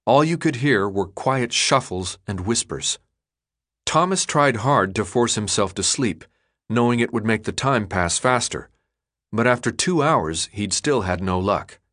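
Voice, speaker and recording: A man reading an audiobook in scripted narration with a steady, even delivery. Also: fairly low pitch, a little slow.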